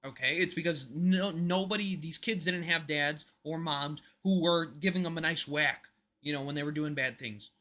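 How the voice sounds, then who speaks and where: A man on a podcast talks in a bright, ringing, fairly high voice. He is emphatic and rambles through his opinions, dropping his voice to a mutter as each point ends. The tone is casual and conversational. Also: normal speed. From United States. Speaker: podcast co-host.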